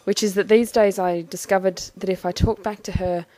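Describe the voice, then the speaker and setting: A woman talking through a personal experience in a thoughtful, halting, measured way. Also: mid-range voice, steady tone, dark tone. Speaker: vlogger. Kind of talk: personal reflective monologue.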